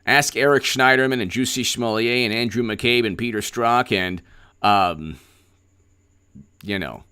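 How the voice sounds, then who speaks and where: A man's voice: medium pitch, unhurried, pushed and bright, smooth. A man hosting a political commentary livestream, talking in a sarcastic, rambling way with stammered repeats.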